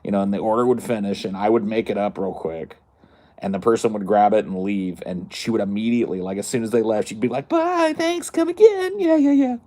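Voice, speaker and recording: A man's voice: on the low side, steady tone, quick pace, mellow. A man hosting a podcast, telling a casual, rambling story and laughing along as he goes. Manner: rambling, laughing at his own stories. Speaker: podcast host.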